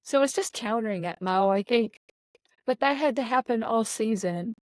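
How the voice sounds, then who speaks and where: A woman's voice: on the high side, moderate pace, a little mellow, dry recording, poor audio. A middle-aged woman coach talking earnestly in an interview, often repeating words as she searches for her phrasing. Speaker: volleyball coach. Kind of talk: podcast interview.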